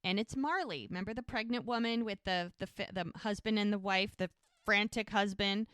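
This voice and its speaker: Woman on a podcast retelling an episode, lively storytelling, very dry mic. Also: medium pitch, normal speed, smooth, no echo. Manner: animated retelling with quoted dialogue. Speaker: podcast co-host. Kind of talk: casual episode recap.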